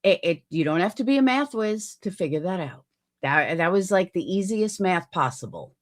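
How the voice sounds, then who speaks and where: A woman's voice: fairly low pitch, big pitch swings, moderate pace. A woman hosting reaction commentary, talking in a sarcastic, mocking way about a clip she plays. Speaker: commentary host.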